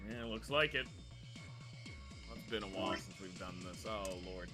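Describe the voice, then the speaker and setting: A young man hosting a let's play, chatting casually over a game in an excitable, jokey way. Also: low voice, over music. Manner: excitable, jokey, quick to laugh. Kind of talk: casual gameplay chat.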